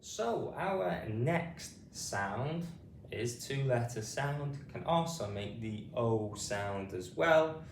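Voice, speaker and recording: British male phonics teacher, slow and patient, spells words out, roomy distant mic, faint hiss. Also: medium pitch, animated, creaky. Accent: British English. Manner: patient, repetitive, says each word then spells it letter by letter. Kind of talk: slow spelled-out pronunciation lesson.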